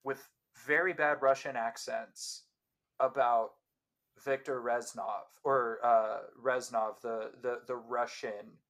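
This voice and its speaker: A man in his late twenties chatting on a podcast, with a middle-pitched voice. He wanders through stories with restarts and laughs often. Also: fairly even intonation, slow pace, a bit bright. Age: late 20s. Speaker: podcast co-host. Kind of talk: casual chat.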